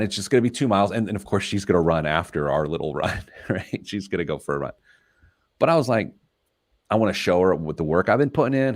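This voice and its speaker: A man hosting a radio talk show, telling stories about himself in a casual, self-mocking way. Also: deep voice. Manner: self-deprecating storyteller, laughs at himself. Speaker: radio show host, financial planner.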